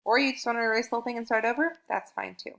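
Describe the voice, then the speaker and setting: A young woman teaching a recorded math lesson to kindergarteners, upbeat and encouraging, counting aloud slowly and drawing out key sentences. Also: on the high side, creaky, a bit bright.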